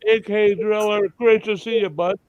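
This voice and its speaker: A man's voice: high-pitched, moderate pace, clean tone, no room sound, highs cut off. A man hosting a casual livestream, chatting and joking while he eats, talking with his mouth full. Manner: jokey and chatty, lively. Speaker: show host.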